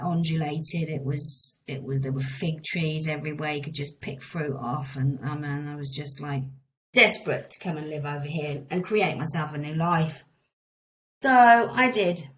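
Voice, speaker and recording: A woman's voice: deep voice, rough recording. A middle-aged woman tells her life story in a frank, meandering way, often restarting her sentences. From England. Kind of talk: candid personal storytelling.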